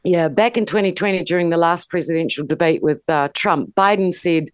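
A woman's voice: on the low side, brisk, hardly any pauses, clear, resonant tone, no room sound. A woman on a political panel, talking in a forthright, opinionated way and reading out details. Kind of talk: casual panel discussion.

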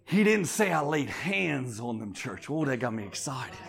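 A man's voice: medium pitch, very animated, normal speed, vocal fry. A pastor preaching a sermon, calling out to the congregation as he builds to fervent peaks. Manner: call-and-response preaching, rising to fervent shouts.

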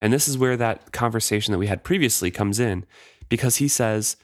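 A man's voice: fairly low pitch, brisk, no room sound, studio quality. A man co-hosting a casual book discussion podcast, reading passages aloud and commenting with easy laughs. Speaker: podcast co-host.

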